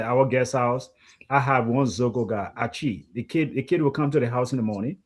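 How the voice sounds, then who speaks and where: Man, co-host, animated storyteller, pitch jumps around, slightly high voice. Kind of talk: casual discussion.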